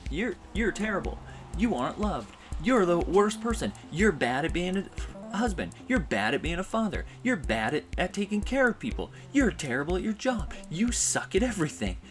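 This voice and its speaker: A cruel inner critic hurls insult after insult in a raised, higher-pitched voice, as a man puts on his own anxious thoughts. It is loud and relentless, with music playing behind it. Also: very animated. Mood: berating. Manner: harsh, rapid-fire insults.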